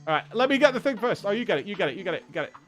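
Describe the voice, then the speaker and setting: Very high, lively man urging calm. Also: very fast, soft background music. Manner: loud, repeating calming urges. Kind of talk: excited gaming chatter.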